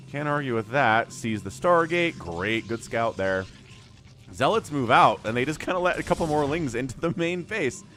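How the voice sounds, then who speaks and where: Excitable man casting a strategy game. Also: mid-range voice. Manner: excitable, chatty, reads out viewer chat. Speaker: game caster. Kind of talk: livestream game commentary.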